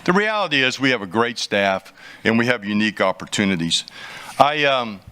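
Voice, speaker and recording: Bright-voiced man joking through a council speech. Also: medium pitch, sing-song, normal speed, smooth. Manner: joking, rambling, self-deprecating. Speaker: city council member. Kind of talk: informal speech at a council swearing-in. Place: city council chamber.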